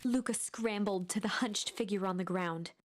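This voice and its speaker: A woman narrating a storybook game in a hushed, suspenseful voice that often drops near a whisper. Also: medium pitch, moderate pace, lightly acted. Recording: game audio with clear music bed. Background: game music.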